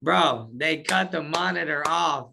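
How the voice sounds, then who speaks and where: A man's voice: a little high, a little slow, creaky, slight background noise. A man recounting his life story in a casual interview, talking in slang and acting out what he said back then. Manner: animated, slangy, acts out his own past words.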